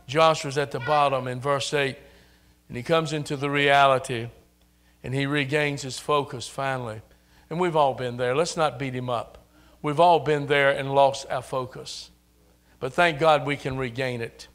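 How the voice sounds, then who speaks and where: An older man preaching a sermon in a church, building up to loud, repeated exhortations. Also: medium pitch, fairly even intonation, moderate pace. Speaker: pastor. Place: church sanctuary.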